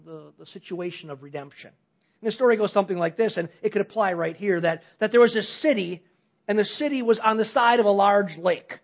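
A man preaching a sermon, telling an illustrative story earnestly with frequent restarts and hushed drops at key points. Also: sits high. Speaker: pastor. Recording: slightly dull lo-fi sound.

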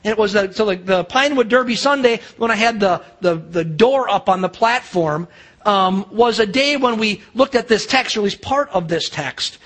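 High, bright-voiced male pastor. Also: normal speed. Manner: storytelling, chatty with fillers and restarts. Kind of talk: sermon.

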